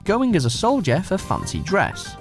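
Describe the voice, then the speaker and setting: Man, scripted countdown narration, very lively pitch swings, faint music behind. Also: moderate pace. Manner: wry, sardonic, dry. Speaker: list video narrator.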